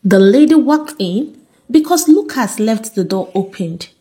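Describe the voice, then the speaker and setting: A woman's voice: a little high, lively intonation, unhurried, dark tone. A woman, narrating a story aloud expressively.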